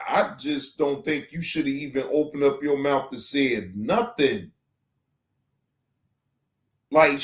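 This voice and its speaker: A man hosting a reaction stream, commenting bluntly and profanely and scolding the people in the clip. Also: a little high. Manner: animated, shouting at times.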